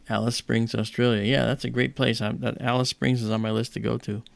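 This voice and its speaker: A man's voice: mid-range voice, creaky, no room sound. A middle-aged man hosting an astronomy livestream, chatting casually and rambling with lots of "you know".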